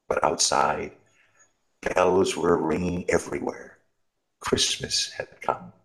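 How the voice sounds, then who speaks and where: A man reading a Christmas story aloud in a slow, expressive storytelling manner. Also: very deep voice, gravelly, rough recording.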